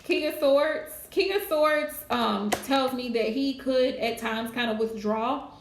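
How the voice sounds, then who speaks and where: A woman's voice: sits high, slow, echoey room, noisy background. A woman doing a live tarot reading, chatty and casual, laughing often. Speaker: tarot reader.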